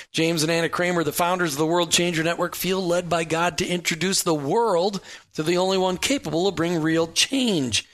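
A man hosting a talk radio show, with a voice a little higher than most men's. He keeps the talk upbeat and jokey and likes to tease his guests. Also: a bit bright.

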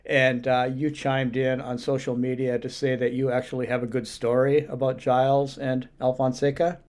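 Flat-voiced man hosting an interview. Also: mid-range voice, normal speed. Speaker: interview host. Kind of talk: conversational interview question.

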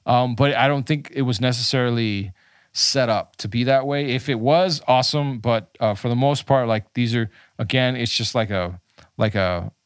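Male podcast co-host, mid pitch, loose rambling delivery, dry close mic. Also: normal speed, no room sound. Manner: rambling, filler-heavy, slips into mock voices. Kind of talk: casual movie review chat.

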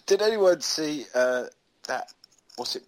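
A man's voice: fairly high pitch, expressive, slow pace, no room sound, low-quality recording. A man from the UK with a mid-range voice that moves animatedly, tossing jokes into a group podcast call. His talk is loose, chatty and playful. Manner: joking, chatty. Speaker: podcast guest. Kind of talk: casual banter on a call.

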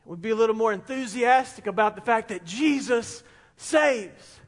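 Male pastor, very high voice, excitable and repetitive preaching, big church reverb. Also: moderate pace. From South Carolina. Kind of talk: sermon. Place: church sanctuary. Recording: long reverb in a large hall.

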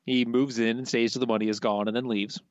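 A man's voice: medium pitch, flat delivery, fast talker, no echo, lo-fi sound. A man co-hosting a podcast in casual trivia chat, asking questions and answering in a dry, matter-of-fact way. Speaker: podcast co-host.

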